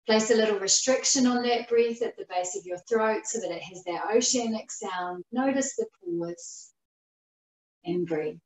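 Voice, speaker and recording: A woman teaching a guided yoga class, giving slow, calm breathing cues with long pauses. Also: medium pitch. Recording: roomy echo, voice far from the mic.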